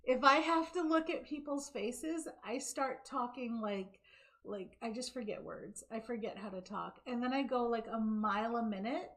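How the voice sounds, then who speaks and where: A woman hosting a live craft show, chatting casually to camera and demonstrating a knitting stitch, talkative and quick to laugh. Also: on the high side. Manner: chatty, laughing, hyper and fast when excited. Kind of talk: casual live-stream chat and knitting demo. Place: home craft room, speaking to camera. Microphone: camera mic.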